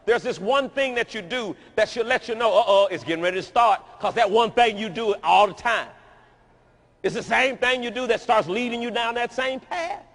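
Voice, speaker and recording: High-voiced, emphatic preaching man. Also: normal speed. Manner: emphatic, repetitive, rising to shouts. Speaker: pastor. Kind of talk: sermon. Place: large dome auditorium.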